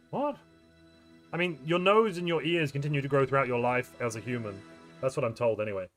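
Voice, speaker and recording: A man's voice: medium pitch, fairly quick, fairly bright tone, faint music behind. A man live-streaming a strategy game, casually chatting and joking with viewers as he reads their messages. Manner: chatty, answers viewer chat, playful and jokey. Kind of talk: live-stream chat while gaming.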